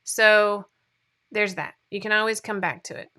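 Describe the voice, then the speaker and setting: A woman's voice: medium pitch, normal speed, sharp tone, clean tone. A woman hosting a casual livestream, chatting, rambling and laughing at herself as she reads viewer comments. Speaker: sewing pattern designer hosting a livestream.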